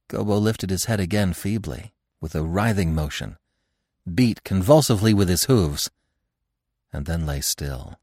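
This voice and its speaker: Man, deep voice, lively intonation, dramatic audiobook narration, dry close sound. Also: unhurried, no echo. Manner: dramatic, expressive storytelling. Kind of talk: scripted narration of a classic novel.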